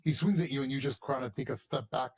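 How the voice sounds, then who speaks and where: Male game master, husky, rambling delivery with constant restarts and repeats. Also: medium pitch, fast. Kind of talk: narrating a tabletop game.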